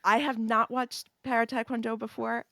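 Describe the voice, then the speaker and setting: A woman hosting a podcast interview, chatty and expressive. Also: fairly high pitch, moderate pace, vocal fry, dry recording, clean studio sound. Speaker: podcast host. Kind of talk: casual interview chat.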